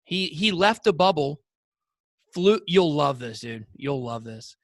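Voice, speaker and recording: A man's voice: a little high, expressive, a little slow, fairly bright tone, no room sound, clean studio sound. A man co-hosting a podcast, telling rambling, jokey stories with lots of fillers. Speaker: podcast co-host. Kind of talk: casual chat.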